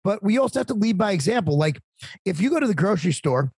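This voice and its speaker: A talkative man in his forties, a podcast guest, telling animated, casual stories about parenting and sometimes swearing. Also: high-pitched, fast talker, creaky, slightly rough, no room sound. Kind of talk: casual storytelling.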